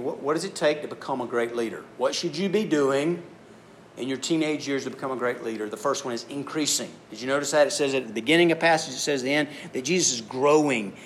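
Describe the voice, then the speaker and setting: A man preaching to a youth group, telling stories and acting out voices with animated delivery. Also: medium pitch, slight background noise. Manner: animated storytelling, acts out voices. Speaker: youth speaker. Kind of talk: youth sermon.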